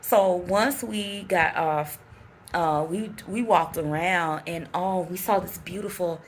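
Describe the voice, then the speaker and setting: Chatty, rambling woman with a gravelly voice. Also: on the low side, slow pace, a little hiss or hum. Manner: chatty, rambling storyteller with many restarts; animated, exclaims often. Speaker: travel vlogger. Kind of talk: casual trip recap to camera.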